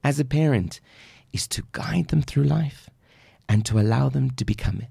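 A man's voice: medium pitch, moderate pace, vocal fry, dark tone, husky, no echo, studio quality. A man from South Africa, a guest life coach on a podcast, talking in an emphatic, preachy way and acting out little quotes. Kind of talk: casual podcast conversation.

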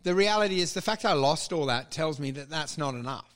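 A man co-hosting a podcast, telling animated stories with lots of laughter, swearing and mimicry. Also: fairly high pitch, brisk. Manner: animated storyteller, laughs often, mimics his old boss; swears freely, casual slang. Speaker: podcast co-host. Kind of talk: casual chat.

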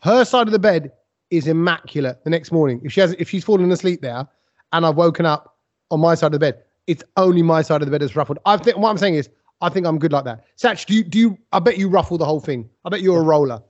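A man's voice: on the high side, animated, fast. A man chatting casually on a podcast, teasing and telling stories, on a dull lo-fi recording. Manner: teasing, storytelling. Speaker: podcast co-host. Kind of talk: casual chat. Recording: dull lo-fi sound.

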